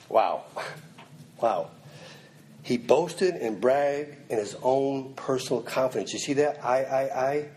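A man's voice: medium pitch, measured pace, a little mellow, a little hiss or hum. Man preaching with emphatic repetition. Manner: preaching with emphatic repetition, acting out quoted lines. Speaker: pastor. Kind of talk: sermon.

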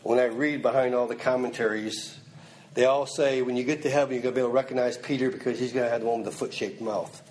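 A man's voice: mid-range voice, fairly even intonation, fast talker, a little mellow, slight background noise. A man preaching a sermon, stressing points by repeating them and acting out the lines he quotes. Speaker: pastor.

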